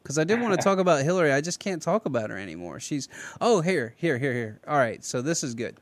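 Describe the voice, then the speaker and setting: A man hosting a casual political podcast, talking in an animated, rambling way with many restarts. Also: on the high side, fast talker, no echo. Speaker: podcast host.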